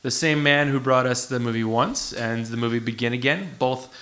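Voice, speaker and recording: A man's voice: medium pitch, moderate pace, bright, forceful tone. A man co-hosting a movie podcast in casual chat, bantering and self-deprecating. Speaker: podcast co-host.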